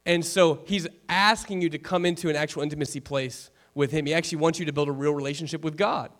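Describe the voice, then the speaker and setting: High-voiced man preaching a chatty sermon. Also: steady tone, fast talker, fairly bright tone. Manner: earnest, repeats key phrases, chatty asides to the congregation. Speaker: pastor. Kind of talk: conversational sermon.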